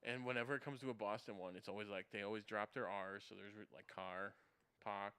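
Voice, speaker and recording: A man's voice: fairly low pitch, fairly even intonation, fast talker, bright, forceful tone, smooth. A man on a casual movie review podcast, rambling and going off on tangents as he lists favorite quotes. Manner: rambling, goes off on tangents, many restarts. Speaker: podcast co-host.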